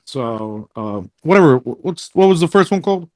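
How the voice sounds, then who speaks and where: A man's voice: a little high, expressive, moderate pace, darkish tone, dry recording, clean studio sound. A man co-hosting a podcast, giving offhand, hesitant opinions about a movie in casual chat. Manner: offhand, hesitant, many ums and whatevers. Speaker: podcast co-host.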